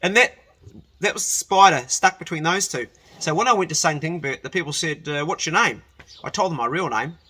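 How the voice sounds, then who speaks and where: A man's voice: fairly high pitch, a little fast, bright, forceful tone, breathy edge. A man telling a rambling personal story in a casual way, often correcting himself and laughing as he goes.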